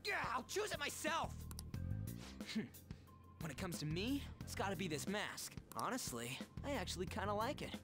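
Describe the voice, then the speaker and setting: A brash, hot-headed teen boy who talks bluntly, his mid-range voice lively and jumpy. It comes through as game audio with music playing clearly underneath. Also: sits high, normal speed. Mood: defensive.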